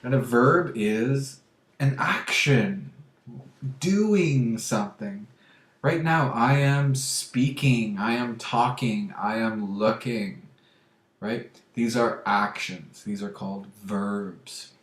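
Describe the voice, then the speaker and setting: Guy teaching english grammar real slow, keeps asking okay?, echoey room. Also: medium pitch. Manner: slow and deliberate, checks understanding with "okay?". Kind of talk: grammar lesson for learners.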